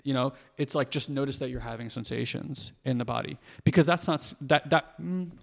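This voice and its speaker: Gravelly guy talking fast, lots of likes and rights, roomy reverb. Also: mid-range voice. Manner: fast-talking, animated storytelling with lots of fillers. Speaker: podcast guest. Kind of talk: casual conversation.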